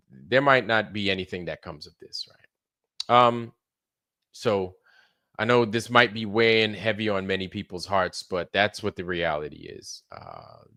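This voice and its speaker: A man's voice: sits low, sharp tone, no echo, studio quality. A man hosting a livestream in casual, rambling chat, swearing freely and laughing often. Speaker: livestream show host.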